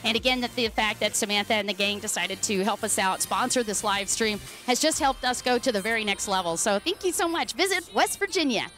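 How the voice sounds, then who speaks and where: A woman's voice: a little high, animated, fairly bright tone, faint music behind. A woman from Dallas doing chatty, upbeat live race commentary. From Dallas, Texas. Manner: chatty, upbeat, quick-talking.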